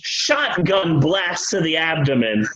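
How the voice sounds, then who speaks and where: A man's voice: a little high, very animated, takes it slowly, bright, forceful tone, rough recording. A man hosting a podcast, telling a true story with comedy, profanity and joking asides. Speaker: podcast host.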